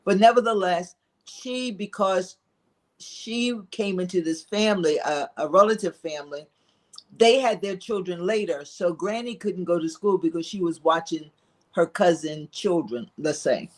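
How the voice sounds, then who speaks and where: A woman guest recounts family history at an easy pace. She speaks reflectively, pausing with soft fillers as she gathers her thoughts. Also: fairly low pitch. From Philadelphia, living in South Carolina. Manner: reflective, storytelling with frequent "uh" pauses. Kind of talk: casual interview storytelling.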